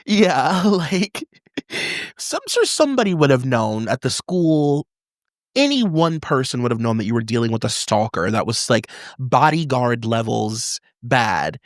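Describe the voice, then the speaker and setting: A man's voice: mid-range voice, big pitch swings, unhurried, dry recording, clean studio sound. A young adult man co-hosting a podcast in casual chat, enthusiastic and laughing often. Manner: enthusiastic, laughs often, uses 'like' a lot. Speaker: podcast co-host.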